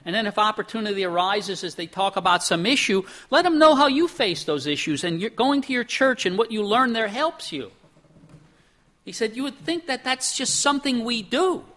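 A man's voice: high-pitched, animated, normal speed, sharp tone. A man from Pennsylvania preaching a sermon as a pastor, talking in a conversational way with rhetorical questions, acting out quotes and often repeating words as he restarts.

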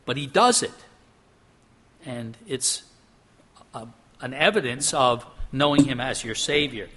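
A middle-aged man preaching a sermon, earnest, climbing high for emphasis and dropping soft and low on solemn points. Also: lively intonation, measured pace, breathy edge. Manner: earnest, rises in pitch for emphasis and drops softly for solemn points. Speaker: pastor.

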